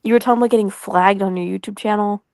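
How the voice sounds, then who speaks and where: A woman's voice: medium pitch, fairly even intonation, racing, darkish tone, dry recording, studio quality. A woman in a casual podcast chat, speaking frankly with many "like" fillers.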